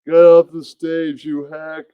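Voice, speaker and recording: A blustering wrestler puppet bellows broken-English insults from the crowd, a man putting on the voice. His pitch sits well above an ordinary man's, and he hammers every line at full volume. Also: little pitch movement, takes it slowly, smooth, no room sound, phone-quality sound. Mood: brash heckling. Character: brash loud wrestler heckling a comic, puppet.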